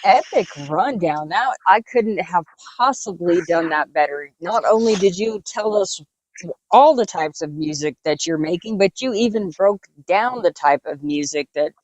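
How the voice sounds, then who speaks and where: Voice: medium pitch, expressive, measured pace, no echo, poor audio. A podcast host talking casually, enthusiastic and full of praise, swearing now and then.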